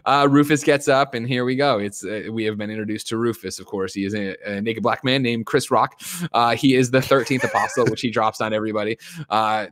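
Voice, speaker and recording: A man in his thirties walks through a film scene by scene for his co-hosts. His voice sits low and sounds dry and close to the mic. He slips into quick character voices for the quotes. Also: a bit bright, no echo. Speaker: podcast host recapping a film. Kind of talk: casual recap and chat.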